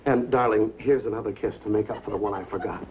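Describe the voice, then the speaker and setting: A man's voice: on the low side, steady tone, fast, lightly acted. An actor in a 1950s sitcom playing a man who poses as a formal, pompous judge. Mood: doting. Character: husband's friend posing as a pompous judge. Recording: dull old TV soundtrack, loud audience laughter and noise.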